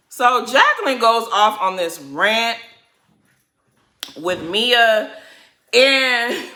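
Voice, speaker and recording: Animated, bright-voiced woman recapping reality TV. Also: a little high, measured pace. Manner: blunt, swears freely, slangy and expressive. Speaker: recap host.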